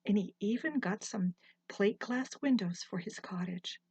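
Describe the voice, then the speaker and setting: An older woman storyteller telling a folktale in a gentle, unhurried way, pausing to correct herself. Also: mid-range voice, husky, no room sound.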